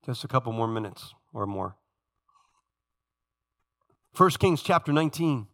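A man's voice: medium pitch, lively intonation, a little slow, a bit bright. A male pastor preaching a sermon to his congregation, telling Bible stories and acting out the characters' lines, often checking in with the church. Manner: storytelling, acting out biblical figures' lines; addresses congregation directly.

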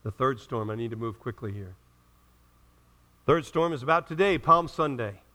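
A man's voice: mid-range voice, animated, moderate pace, pushed and bright. A male pastor preaching a fervent sermon, reading scripture and calling out to the congregation with rising and falling emphasis.

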